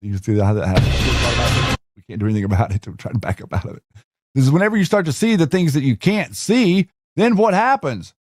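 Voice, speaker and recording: A man's voice: mid-range voice, animated, fairly quick, soft background music. A man hosting a show, talking casually while screen-sharing, with rambling restarts and rhetorical questions. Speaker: host.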